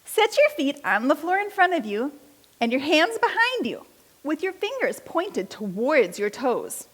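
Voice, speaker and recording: A woman leading a kids' yoga class, giving slow, encouraging step-by-step instructions between story readings. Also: high voice, sing-song. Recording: long hall reverb.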